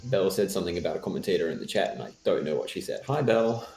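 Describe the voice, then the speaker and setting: Deep gravelly Australian man. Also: animated, rapid-fire, warm tone. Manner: joking, chatty, laughs often. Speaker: tournament commentator. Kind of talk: casual live-stream commentary. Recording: echoey room with faint music.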